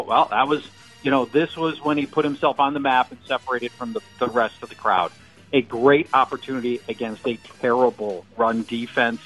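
A man's voice: mid-range voice, a bit bright, rough recording. A man talking as a fantasy football analyst on a sports radio show, joking and thinking aloud with restarts. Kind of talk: casual sports radio chat.

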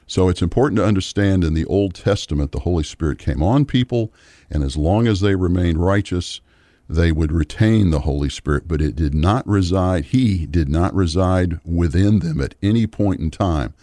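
A man's voice: low voice, normal speed, mellow, no room sound. A middle-aged man teaching the Bible on a radio program, guiding listeners through passages and reading verses aloud.

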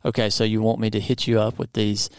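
A man's voice: fairly low pitch, monotone, fast, clean tone, no echo. A man hosting a podcast in a studio, upbeat and playfully teasing his co-host in casual chat.

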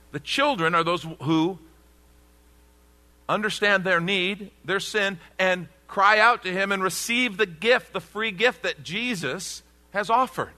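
Bright-voiced male pastor preaching. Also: mid-range voice, in a large hall. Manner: emphatic preaching with repeated phrases. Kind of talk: sermon. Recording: radio broadcast of a church sermon.

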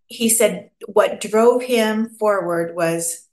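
A woman from North America, a guest in a casual interview, telling stories in an animated way and often acting out quotes. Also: medium pitch, slow. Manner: animated storyteller who acts out quotes and laughs often. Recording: echoey room.

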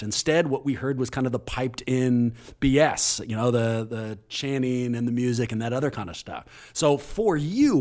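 A male podcast host asking guests joking, animated questions in a conversational interview. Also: on the high side.

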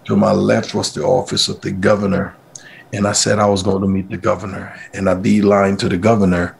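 A man's voice: sits low, fairly quick, gravelly, a little hiss or hum. A middle-aged man from Liberia, telling his personal story as an interview guest and acting out what people said in a livelier voice. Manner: animated, acts out quoted speech in a raised voice.

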